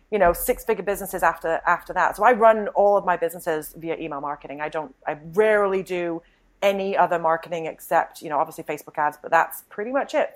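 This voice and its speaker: A British woman who is a guest on a podcast, chatting casually, laughing often and mocking herself. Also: on the low side. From Britain.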